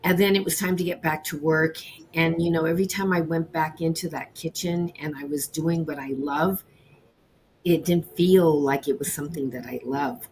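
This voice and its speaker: A middle-aged woman, a baker, telling her story as an interview guest in an earnest, reflective way with halting restarts. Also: lowish voice, slight background noise, low-quality recording. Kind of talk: candid personal storytelling.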